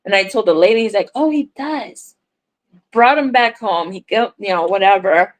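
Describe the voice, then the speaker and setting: A woman talks on a crochet livestream and tells a story in a casual, chatty way. She acts out the voices of the people in the story and swears now and then. Her voice sits at a middle pitch. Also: brisk, rough recording. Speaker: crochet content creator on a livestream.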